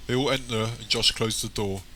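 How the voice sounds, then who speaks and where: A man reading an audiobook chapter in plain, even scripted narration. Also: mid-range voice, a little fast, a little hiss or hum.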